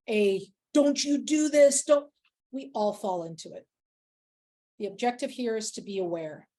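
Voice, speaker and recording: A woman's voice: a little high, a little mellow. A woman leading a workplace workshop who talks in an earnest, emphatic way and tells personal stories to make her points. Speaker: workshop facilitator. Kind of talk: workshop talk with personal anecdotes.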